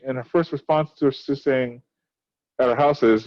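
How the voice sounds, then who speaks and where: A man's voice: fairly high pitch, lively intonation, normal speed, lo-fi sound. A male teacher explaining a play to his class, asking many rhetorical questions. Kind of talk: recorded class lesson on a play.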